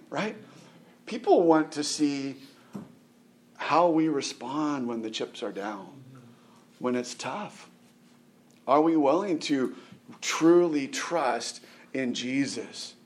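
A middle-aged man preaching a conversational sermon. He keeps checking in with the congregation, restarts and repeats words, and jumps up in pitch for emphasis.

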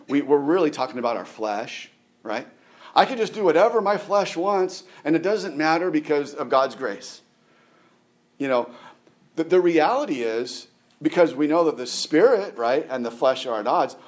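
Man preaching in a casual, halting way. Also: on the high side. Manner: halting, repeats words, asks rhetorical questions. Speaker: pastor. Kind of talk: conversational sermon.

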